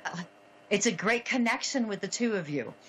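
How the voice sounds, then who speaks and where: A woman hosting a psychic medium call-in show, speaking gently and haltingly with many fillers and soft laughs. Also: medium pitch, expressive, slight background noise, rough recording. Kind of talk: call-in radio reading.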